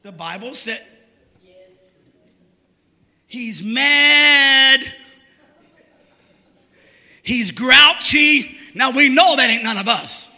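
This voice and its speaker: A very high-pitched man preaches a sermon. His voice is piercingly bright, and his folksy, joking delivery keeps swelling into shouts. A long reverb from the church hall trails every phrase. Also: lively intonation, very slow, long pauses.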